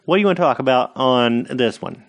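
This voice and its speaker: A man's voice: mid-range voice, animated, a little fast, gravelly. A man co-hosting a casual podcast, bantering with dry, teasing humor. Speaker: podcast co-host.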